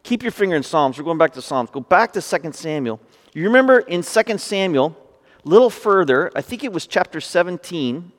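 High-voiced preacher in a reverberant hall. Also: male voice, lively intonation, fairly quick. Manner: conversational preaching, reads scripture then paraphrases. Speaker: pastor. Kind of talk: sermon.

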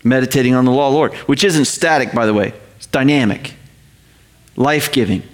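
A man preaching a sermon, slowing down to read scripture and speeding up in quick explanatory asides. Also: mid-range voice. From North America. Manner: animated, quotes scripture slowly, paraphrases in quick asides. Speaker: pastor.

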